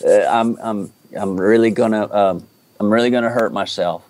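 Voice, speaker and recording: Halting man, low voice. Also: noisy background. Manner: halting, many restarts and fillers. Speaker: actor guest. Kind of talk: casual interview chat.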